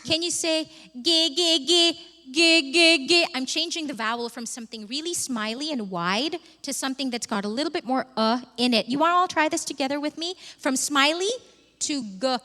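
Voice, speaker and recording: A woman vocal coach leading a live workshop, energetic and breaking into short sung phrases to demonstrate. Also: sits high, a little fast. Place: large hall with live audience. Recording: reverberant hall.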